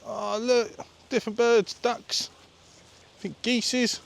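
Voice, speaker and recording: A man vlogging a casual walking tour of an open-air museum, chatty and excitable, talking straight to his viewers. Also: very high voice, slow pace, vocal fry. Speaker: travel vlogger. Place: visiting an open-air museum, indoors and outdoors.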